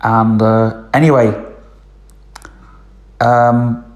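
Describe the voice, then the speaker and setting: A man's voice: mid-range voice, little pitch movement, drawn-out words, echoey room. A man telling a long casual story, rambling with lots of ums and "I says". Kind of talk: casual spoken anecdote.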